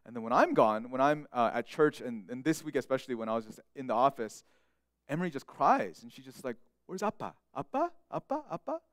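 A man's voice: mid-range voice, fairly quick, no echo, clean studio sound. A young man preaching a sermon as pastor, speaking earnestly and often repeating words as he restarts a thought.

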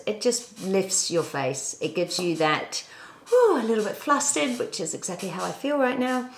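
A woman's voice: lowish voice, fairly bright tone. A middle-aged woman gives a chatty, instructive makeup tutorial and talks through each step as she applies it. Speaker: beauty vlogger. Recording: echoey room.

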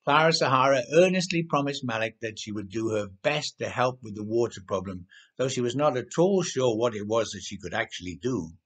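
A man narrating a children's storybook in an animated, expressive way. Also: mid-range voice, fairly quick, hardly any pauses, husky.

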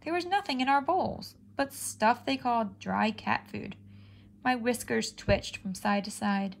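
A woman narrates a children's chapter book in an animated, expressive style. Her voice sits fairly high and carries a gentle gravelly fry. It sounds like a bedtime read-aloud. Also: a little slow, slight background noise. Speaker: storybook reader.

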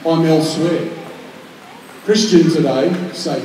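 A man preaching a sermon in a big, echoing church hall, picked up from a distance. His voice sits high for a man but sounds soft and mellow. He moves between hushed, personal moments and loud, pressing appeals. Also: moderate pace, slight background noise. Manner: conversational preaching, swings from quiet and intimate to loud and emphatic. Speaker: pastor. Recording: echoey hall, from far off.

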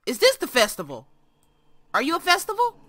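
A woman's voice: high-pitched, wildly swooping pitch, fairly quick, a bit bright, no echo, clean studio sound. A young woman hosting a game let's play from her room, chatting to viewers and to the characters on screen. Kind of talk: casual game commentary.

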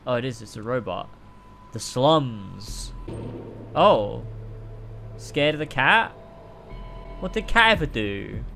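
A young man streaming a game, reacting excitedly, swearing and laughing often, and reading the game's dialogue aloud. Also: medium pitch, takes it slowly, creaky, long pauses, soft background music. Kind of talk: gameplay reaction commentary.

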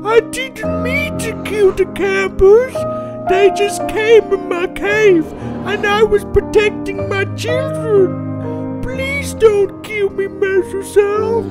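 A man's voice: very high-pitched, slow pace, over loud music, pitched above the performer's own voice. A man voicing a frightened, tearful bear that begs for mercy in a gaming video. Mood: tearful pleading. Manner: tearful, begging. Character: frightened weepy bear, pleading parent.

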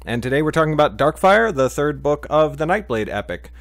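A man's voice: on the high side, sing-song, fairly quick, no room sound. Rambling, joking podcast host man. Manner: rambling, joking, many fillers. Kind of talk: casual podcast chat.

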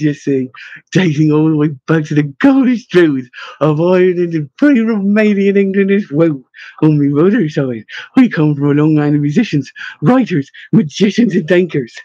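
Give me a man playing a cheerful riddling bard, somewhat high and husky. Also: a little mellow, no room sound, dull audio, lightly acted.

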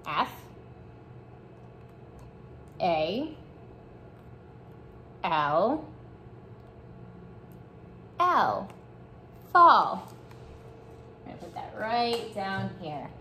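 Slow, encouraging woman teaching small children. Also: mid-range voice, very animated, bright, forceful tone, slight background noise. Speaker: preschool teacher. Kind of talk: children's morning lesson.

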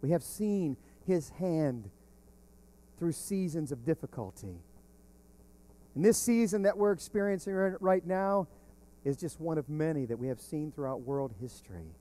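A man preaching a sermon as pastor, slow and emphatic, swelling on key words. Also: a little high, dark tone.

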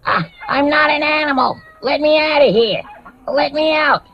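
A man's voice: very high voice, normal speed, voice pushed up. A man voicing a panicky prisoner pleading to be let out, from a muffled, noisy 1980s TV broadcast. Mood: panicked. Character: frantic locked-up prisoner pleading innocence.

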